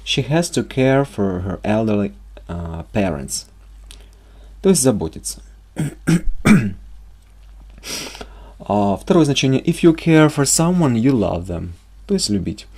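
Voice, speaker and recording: A man gives a bilingual English lesson into a close mic. His voice moves lively up and down in a middle pitch. He reads example sentences slowly and clearly, then explains them quickly. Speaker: English teacher.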